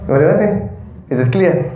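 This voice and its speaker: A man's voice: fairly high pitch, expressive, moderate pace, slight background noise. A man teaching a class on Quran recitation rules, often checking whether the students follow him. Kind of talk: classroom tajweed lesson. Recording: dull echoey classroom recording.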